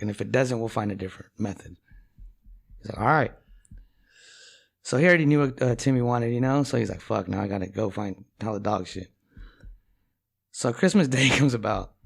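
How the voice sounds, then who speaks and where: A man's voice: medium pitch, gravelly, husky. A man telling a long profane joke in casual chat, rambling and full of fillers. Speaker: rapper.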